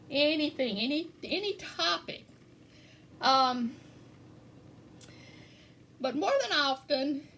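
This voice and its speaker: A woman poetry teacher explaining a writing lesson in an unhurried way, repeating key words with plenty of fillers. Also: high-pitched, a bit bright, slight background noise. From eastern Kentucky.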